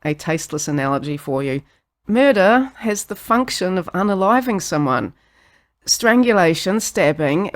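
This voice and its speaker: A podcast host with a New Zealand accent giving a scripted philosophy monologue, sardonic and sweary, laughing at their own jokes. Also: mid-range voice.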